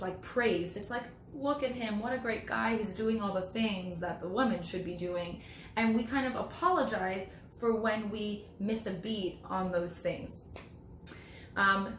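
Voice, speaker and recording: A woman's voice: medium pitch, fairly bright tone, a little hiss or hum. Young woman, casual pep talk host, filler-heavy chat, roomy echo, faint background ambience. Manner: chatty, frank, lots of "like" and "um". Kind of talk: casual motivational vlog talk. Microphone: camera framing her.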